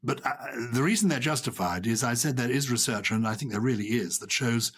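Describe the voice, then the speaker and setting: A man's voice: medium pitch, a little fast, breathy edge. A man co-hosting a podcast in casual chat, playfully telling jokes. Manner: playful, tells jokes, animated. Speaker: podcast co-host.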